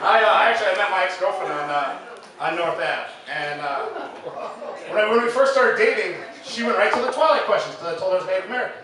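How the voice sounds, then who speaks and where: A man from Illinois doing a stand-up comedy set, telling his stories casually with lots of fillers and quick acted quotes, on a stage mic. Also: high voice, crowd noise. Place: live comedy venue. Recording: echoey room taped from far off with noise.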